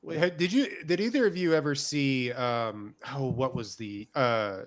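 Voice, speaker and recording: A man's voice: mid-range voice, a little slow. A man co-hosting a podcast in casual chat, rambling and searching for words. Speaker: podcast co-host.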